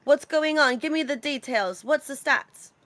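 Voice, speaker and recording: A woman voicing a little female rat-folk cleric in a tabletop game, with a cute, light put-on Russian accent and an eager, hurried manner. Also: high-pitched, a bit bright, no room sound, voice pushed up.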